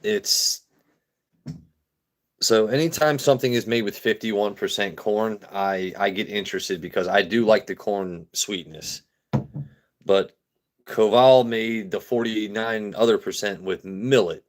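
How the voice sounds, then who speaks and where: Casual low-voiced American man. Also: a little slow. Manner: joking, loose, reads chat aloud, stumbles and repeats. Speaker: livestream host reviewing whiskey. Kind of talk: casual live-stream chat.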